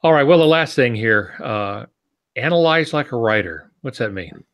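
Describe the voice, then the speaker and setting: A man who writes novels, talking on a writing podcast in a reflective, storytelling way with thoughtful pauses. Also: mid-range voice, expressive, a bit bright, no room sound, clean studio sound. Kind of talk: casual podcast chat about writing.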